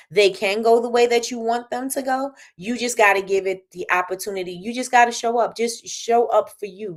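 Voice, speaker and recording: A woman from New York hosting a live stream, giving motivational talk to her viewers in a loud, animated way, laughing often and repeating lines for emphasis. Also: mid-range voice. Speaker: livestream host.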